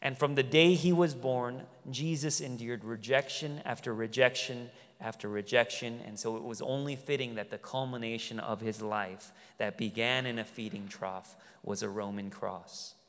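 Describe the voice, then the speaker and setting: A man delivering an earnest sermon in a smooth, resonant voice. He swings from loud, emphatic lines to quiet, tender ones. His words carry a long reverb from a large hall. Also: medium pitch, fairly even intonation, normal speed, hardly any pauses. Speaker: pastor.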